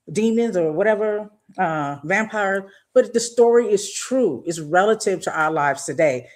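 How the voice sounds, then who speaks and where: A woman's voice: mid-range voice, a little mellow. Impassioned woman hosting a live podcast. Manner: impassioned, talks straight to listeners, slangy. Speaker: podcast host. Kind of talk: casual live-stream monologue.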